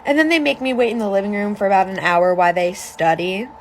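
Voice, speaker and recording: A woman's voice: medium pitch, fast talker, slight background noise. A woman telling a personal storytime in a confiding, chatty way. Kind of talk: casual storytime.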